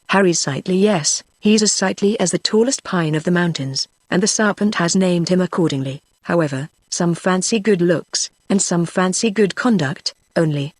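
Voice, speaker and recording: A text-to-speech voice reading the lines of a humble, plain-spoken male frontier hunter in a storybook, in an even synthetic delivery. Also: medium pitch, normal speed, few pauses, dry recording, lightly acted.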